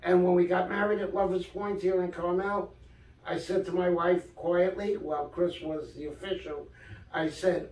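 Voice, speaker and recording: Older New man, high voice, animated storyteller, off-mic in an echoey room. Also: moderate pace, distant mic. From Brooklyn, New York. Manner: animated storyteller, acts out quoted dialogue. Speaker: guest author. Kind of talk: casual storytelling interview.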